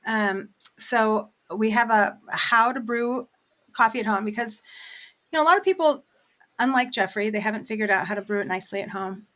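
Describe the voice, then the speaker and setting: A woman's voice: a little high, brisk, fairly bright tone. A woman who roasts coffee, chatting casually in an interview and explaining things with plenty of fillers.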